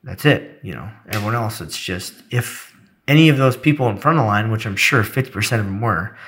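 A man's voice: lowish voice, animated, a little fast, a bit bright, a little hiss or hum. A middle-aged man in casual chat, teasing and swearing as he tells stories. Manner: profane, storytelling, teasing.

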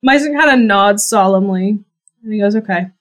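A woman narrating as game master of a tabletop game, relaxed and often laughing. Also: mid-range voice, normal speed. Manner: relaxed, giggly storytelling.

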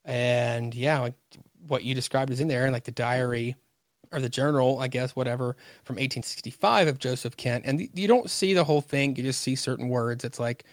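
A man's voice: medium pitch, brisk, dry recording. A man, a podcast guest, casually recapping a comic book and acting out the characters' lines as he goes.

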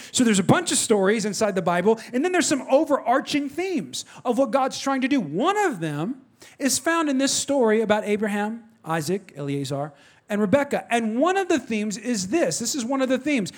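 A middle-aged man delivers a sermon in a strikingly high-pitched voice. He tells his story with animated energy and keeps turning to the congregation to speak to them directly. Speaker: pastor.

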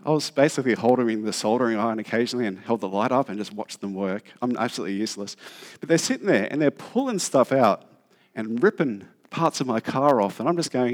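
Relaxed, self-mocking preacher man. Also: mid-range voice. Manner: conversational and self-deprecating, slows for emphasis. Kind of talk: sermon.

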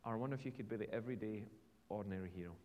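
A man's voice: lowish voice, racing, darkish tone, highs cut off, a little hiss or hum. British preacher man in a reverberant hall. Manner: conversational, storytelling with casual fillers. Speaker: pastor. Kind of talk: sermon. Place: church. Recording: long reverb from a large hall.

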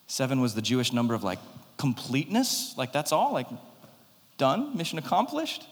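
Male pastor, dramatic preaching, loud-to-hushed swings, long hall reverb. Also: mid-range voice, animated, normal speed. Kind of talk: sermon.

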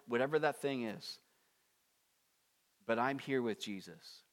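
A man preaching a conversational expository sermon, with animated asides and acted-out prayers. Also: mid-range voice, a little slow, pauses often. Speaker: pastor.

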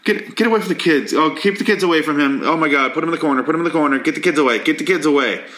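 A man acting out a panicked bystander shouting frantic, repeated warnings about someone dangerous. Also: a little high, rapid-fire, pitched above the performer's own voice, close to an everyday voice, low-quality recording. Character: panicked onlooker fearing an unpredictable man.

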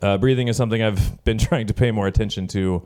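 A man in his thirties, a pastor preaching a sermon in a relaxed, storytelling way with many fillers. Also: on the low side, fast talker. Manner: conversational storytelling with frequent fillers. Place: church gathering.

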